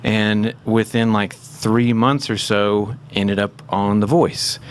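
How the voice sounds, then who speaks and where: A man in his thirties from the Memphis area, a guest telling stories in a chatty, animated way and laughing often. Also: on the low side, slow pace, slight background noise. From Memphis area, United States. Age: 30s. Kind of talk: casual storytelling.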